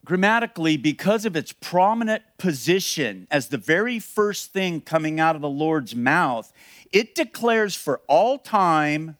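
A man's voice: fairly high pitch, animated, measured pace, a bit bright, no echo, studio quality. A man preaching a sermon as pastor, earnest and emphatic, repeating key phrases and restarting sentences.

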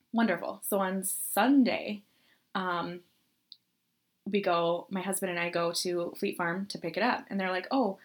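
A young woman co-hosting a casual chat, telling a long story with lots of laughs and acted-out quotes. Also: mid-range voice. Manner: chatty storyteller, laughs often, acts out quotes. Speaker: podcast co-host.

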